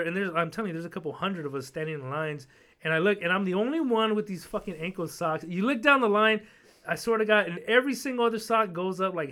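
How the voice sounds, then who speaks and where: A man with a fairly high voice tells a long casual story on a podcast. He rambles, stacking fillers and restarting his sentences as he goes. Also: a bit bright. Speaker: podcast host.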